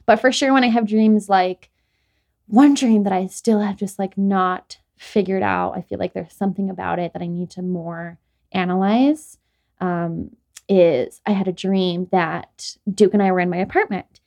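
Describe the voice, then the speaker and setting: A woman's voice: medium pitch, moderate pace, darkish tone. Young woman podcaster just rambling along, says like a lot, casual chat. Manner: rambling, filler-heavy storytelling with frequent "like". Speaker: podcast host.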